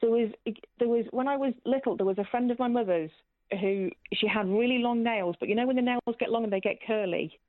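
A chatty woman calling in to a radio show, telling a rambling story. Her voice comes over a tinny, dry phone line and sits a little high. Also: fairly quick, no echo. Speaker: caller. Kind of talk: casual phone chat.

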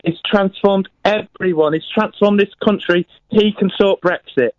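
A man's voice: high-pitched, measured pace, no room sound. A male caller on a radio phone-in who argues about football in a put-on camp manner, calling the host honey. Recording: dull phone line.

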